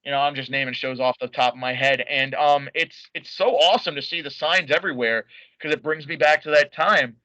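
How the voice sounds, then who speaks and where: A man with a high, bright voice chats as a guest on a podcast, rambling eagerly and stumbling through restarts. The sound is close and dry, with no room to it. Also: fairly quick, no echo, highs cut off. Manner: enthusiastic and rambling, many fillers and restarts. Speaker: guest, wrestling fan. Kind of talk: casual podcast interview.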